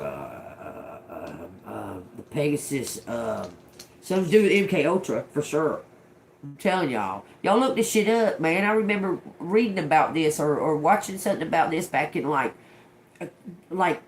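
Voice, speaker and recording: A woman's voice: low voice, expressive, normal speed, a little hiss or hum. A middle-aged woman giving a casual, profane live tarot reading, muttering single words as they come to her and giggling often. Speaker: tarot reader on a livestream.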